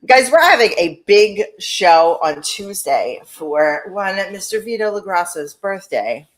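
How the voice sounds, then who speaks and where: A woman's voice: mid-range voice, big pitch swings, a little slow. A woman co-hosting a casual podcast chat. She laughs often, swears freely and mimics other people mid-story. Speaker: podcast co-host.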